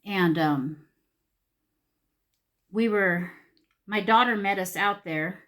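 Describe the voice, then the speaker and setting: A woman's voice: medium pitch, takes it slowly, fairly bright tone. A middle-aged woman, chatting animatedly and full of fillers while she does her makeup for a get-ready-with-me video. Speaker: beauty vlogger.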